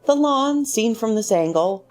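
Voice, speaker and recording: A woman narrating a short story in a measured, expressive reading voice. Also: on the high side. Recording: faint music underneath.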